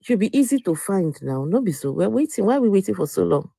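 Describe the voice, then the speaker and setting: A woman's voice: medium pitch, very animated, fast talker, creaky, mellow, breathy edge, no echo. A woman co-hosting a live stream debate, repeating her demands insistently.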